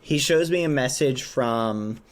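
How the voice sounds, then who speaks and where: A man streaming, telling a story to his chat in an animated, exclamatory way while steering clear of swearing. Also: medium pitch, unhurried.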